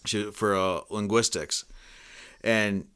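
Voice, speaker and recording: A man's voice: fairly low pitch, fairly even intonation, takes it slowly, a bit bright, smooth. A man with a Boston accent chatting casually as a podcast co-host, often laughing and restarting his phrases. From Boston area. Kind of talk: casual chat.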